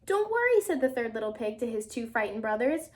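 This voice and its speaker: A woman's voice: on the high side, a little fast, darkish tone. A woman teacher reading a storybook aloud to her class, telling it dramatically and stopping often to ask the children questions.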